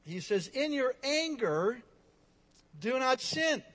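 A man with a notably high voice delivers a sermon, swinging between loud, emphatic lines and quiet, hushed ones. His words ring out with a long reverb, as in a large hall. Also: big pitch swings, slow. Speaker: pastor.

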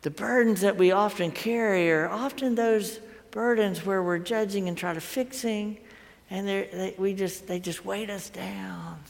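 A man's voice: high voice, measured pace, vocal fry. A middle-aged man giving a folksy, conversational sermon, telling stories and repeating words as he thinks aloud. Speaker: pastor. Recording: long hall reverb.

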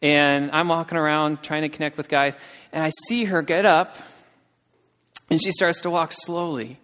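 A man preaching in storytelling mode, his voice a touch higher than most men's. He acts out the people he quotes with rising emotion, and a long hall reverb trails behind his words. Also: fairly even intonation, moderate pace, fairly bright tone. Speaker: missionary speaker. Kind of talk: sermon storytelling.

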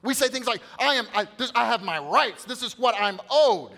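Male pastor, high bright voice, preaching with big loud-to-hushed swings. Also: lively intonation, normal speed, gravelly. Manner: swings from loud emphatic peaks to quiet hushed asides; addresses the congregation directly, coaxing responses. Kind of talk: sermon.

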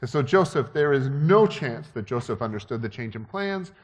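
A man's voice: mid-range voice, lively intonation, normal speed. A man preaching a sermon in a conversational, joking way that builds to emphatic peaks. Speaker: pastor. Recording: long hall reverb.

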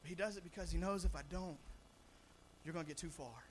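A young man preaches a sermon as pastor, animated and brisk, with a slightly high voice. He often restarts and repeats words, swelling loud on his points, and there's a little hiss or hum in the audio.

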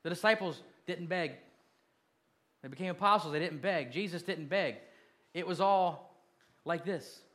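A male pastor preaching a sermon, steady and direct, building from quiet reflection to loud calls to the congregation. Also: fairly high pitch, measured pace.

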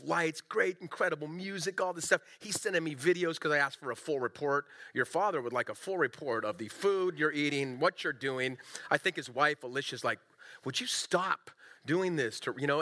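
Bright-voiced, animated male pastor. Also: fairly high pitch. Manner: conversational, animated, self-deprecating preaching. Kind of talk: sermon.

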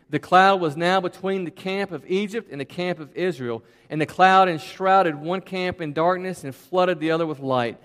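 A man retells a Bible story to his listeners in a loose, conversational sermon, full of asides. His voice sits a little high for a man. A long reverb trails each phrase, as in a large hall.

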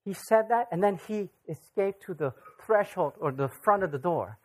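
This preacher's sermon moves at normal speed in a middle register, his voice rising and falling with lively energy. Conversational in style, he frequently throws questions to the audience and voices scripture characters.

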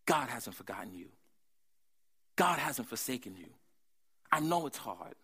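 A man's voice: mid-range voice, sing-song, measured pace, gravelly, sharp tone, husky, pitched below the performer's own voice, heavily acted. A man voicing God's messenger, consoling at first and building to emphatic promises. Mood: rousing. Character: God's messenger, comforting and rousing.

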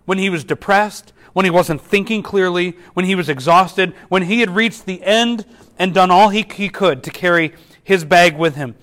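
Male pastor, high-pitched voice, earnest sermon delivery with frequent restarts. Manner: earnest, repeats words at restarts, drops softly for quoted whispers.

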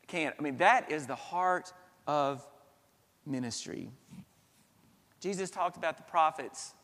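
A man preaches from the pulpit in a slightly high voice, earnest and building with dramatic pauses and swells. His words ring out with the long reverb of a church sanctuary. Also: fairly bright tone. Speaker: pastor. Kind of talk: sermon.

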